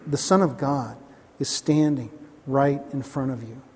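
A male pastor preaching a sermon in a conversational way, often checking in with the congregation with quick asides. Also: medium pitch, fairly even intonation, in a large hall, a little hiss or hum.

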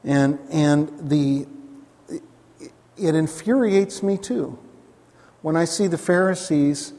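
A man's voice: on the high side, slow pace, warm tone. Emphatic preacher man in a reverberant hall. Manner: emphatic, repeats key phrases, asks the listeners questions. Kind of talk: sermon.

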